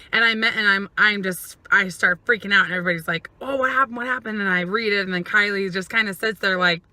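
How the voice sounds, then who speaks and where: A woman vlogging in a casual, emotional monologue, her voice very bright and sharp. She acts out the people she talks about, and the sound is dry and close. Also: medium pitch, no room sound. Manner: emotional and expressive, acts out what others said.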